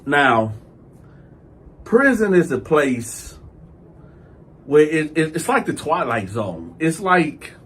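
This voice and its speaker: Husky high-voiced male host, slangy casual storytelling. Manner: animated, slangy, acts out sounds.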